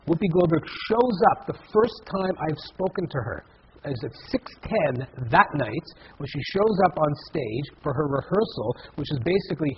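A man's voice: a little high, lively intonation, moderate pace, muffled recording, slight background noise. A man in his fifties, a guest in a casual interview, talking in a rambling way with many restarts and repeated words. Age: 50s. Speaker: guest, comedy festival head.

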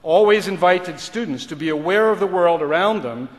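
Middle-aged male dean, formal commencement address, bright higher register, long hall reverb, podium mic. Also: animated. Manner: measured and rhetorical, switching between English and French. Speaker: law school dean giving a graduation address. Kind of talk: formal ceremonial speech. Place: large ceremony hall.

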